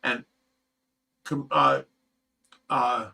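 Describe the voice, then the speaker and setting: A man's voice: medium pitch, very slow, creaky, sharp tone, breathy edge, rough recording. A middle-aged man telling a personal story in casual chat, emotional and rambling, swearing freely. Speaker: fish rescue owner.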